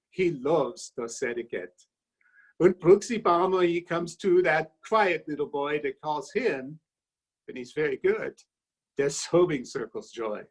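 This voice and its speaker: A man's voice: on the high side, husky, exaggerated voice, poor audio. A man reciting a rhymed comic toast in a put-on German accent, voicing a jolly, homesick exile in a hearty, sing-song way.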